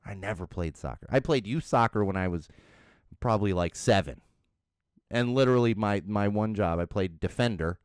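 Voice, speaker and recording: Lively low-voiced middle-aged man. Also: normal speed, clear, resonant tone, dry recording, studio quality. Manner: animated, chuckling, self-deprecating anecdotes. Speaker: podcast host. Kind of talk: casual solo podcast storytelling.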